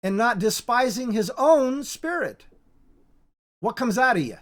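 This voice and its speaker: An informal Bible teacher who talks in a halting, repetitive way, restarting words and circling back to drive each point home. The pitch sits in a middling range, neither high nor low. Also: animated.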